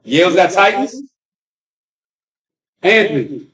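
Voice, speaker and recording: A man's voice: high-pitched, sing-song, slow, a bit bright, far from the mic. A man hosting a casual sports chat in a restaurant bar, laid-back and teasing as he goes through picks. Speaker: host.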